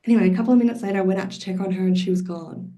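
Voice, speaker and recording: A mother telling her birth story as a podcast guest, lively and expressive, often laughing. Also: mid-range voice, rapid-fire. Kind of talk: personal storytelling.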